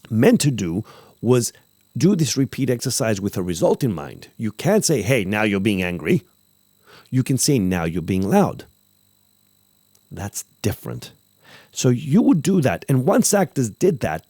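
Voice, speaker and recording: A man hosting a podcast, talking casually about acting craft, animated and repeating phrases for emphasis while acting out example lines. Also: mid-range voice, slightly rough, no echo, studio quality. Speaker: podcast host, acting teacher.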